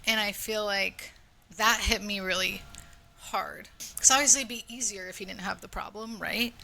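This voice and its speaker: Bright, chatty young woman co-host telling stories. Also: medium pitch, fairly even intonation, normal speed, gravelly, slight background noise. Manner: chatty storytelling, lots of "like". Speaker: podcast co-host. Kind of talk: casual chat. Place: home room.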